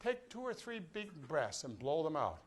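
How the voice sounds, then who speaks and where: With a slightly high voice whose pitch swoops wildly, an older man speaks at a moderate pace while teaching a brass master class. He jokes and coaches students directly through breathing exercises, in a classroom or rehearsal room filled with a live audience.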